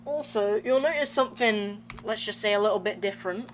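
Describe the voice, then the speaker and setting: This young woman, speaking a little fast in a medium pitch, chats casually with viewers while streaming a game, rambling and slangy. Game music and slight background noise can be heard.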